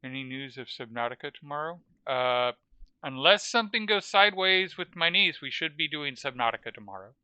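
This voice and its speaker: A man's voice: fairly high pitch, animated, a little fast, bright, forceful tone, clear, resonant tone, no echo, highs cut off. A man streaming a game live, chatting casually and thinking aloud as he plays. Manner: thinks aloud while playing, chatty asides. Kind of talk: casual live-stream chat while playing.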